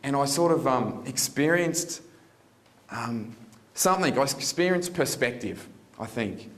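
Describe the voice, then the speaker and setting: A man's voice: mid-range voice, animated, a little slow. Earnest man giving testimony. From Australia. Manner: earnest, searching, with many restarts. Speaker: seminar speaker. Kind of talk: personal testimony talk. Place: live conference stage.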